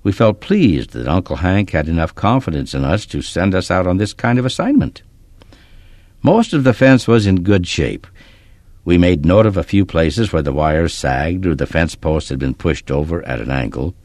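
A man reads a story aloud in a steady, expressive storytelling voice. His tone is very deep yet moves with lively rises and falls, and the recording is dry and close, with no room sound. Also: normal speed, no echo. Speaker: narrator. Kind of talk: storybook narration.

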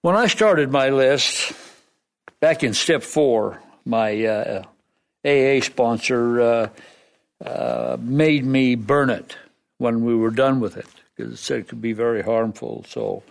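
A man's voice: mid-range voice, takes it slowly, vocal fry. A man sharing his story at a recovery meeting, plainspoken and self-deprecating about his past. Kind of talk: personal testimony.

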